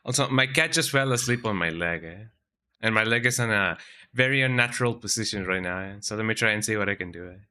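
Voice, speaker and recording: Talking fast in a lowish, bright, forceful voice, this man keeps a smooth delivery while streaming a game from his computer at home. His casual commentary is chatty and meandering, and he tags lines with "eh?".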